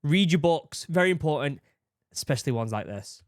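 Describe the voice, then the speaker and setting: A man's voice: a little high, lively intonation, fairly quick, dry recording, clean studio sound. A British man hosting a reaction video, talking in an effusive, emotional way and swearing freely. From United Kingdom. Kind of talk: casual reaction commentary. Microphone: studio desk mic.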